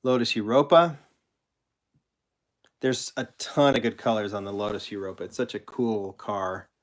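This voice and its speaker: Male streamer, lowish voice, loose, rambling chat with frequent self-corrections. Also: moderate pace. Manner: rambling, self-correcting, answers chat questions while showing toy cars. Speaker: host of a live collector stream. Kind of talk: casual live-stream chat.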